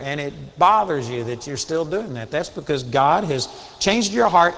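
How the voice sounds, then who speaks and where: A man preaching a sermon, earnest and emphatic, drops into quiet storytelling, then builds back up to raised exhortation. His voice sits somewhat high for a man. It rings out with a long hall reverb. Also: vocal fry.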